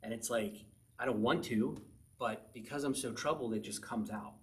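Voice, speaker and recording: A man's voice: mid-range voice, normal speed. A man preaching a sermon in a conversational way, often asking the listeners questions.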